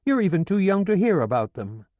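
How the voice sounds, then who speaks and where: A grieving, indignant old woman, put on by a male narrator in a high, mellow voice. She laments and then berates with fierce scorn, in a close, dry audiobook read. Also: a little slow, no room sound. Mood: indignant tirade. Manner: wailing, then scolding and indignant. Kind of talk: audiobook character reading.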